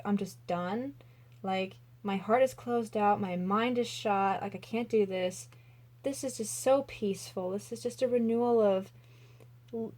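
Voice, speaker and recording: A woman's voice: on the high side, darkish tone. Gushing young woman reading tarot. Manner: gushing, emotional, lots of "like" fillers. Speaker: tarot reader. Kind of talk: casual tarot reading to camera.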